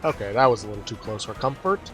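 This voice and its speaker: A man's voice: fairly low pitch, big pitch swings, fast, a bit bright, soft background music. A man hosting a let's play, explaining the game step by step as he plays. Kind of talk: casual game commentary.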